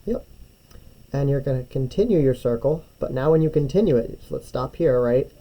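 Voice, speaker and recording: A man's voice: mid-range voice, animated, fairly quick, dark tone, poor audio. Patient man teaching a drawing lesson. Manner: patient, step-by-step, often checks with "right?". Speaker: music teacher.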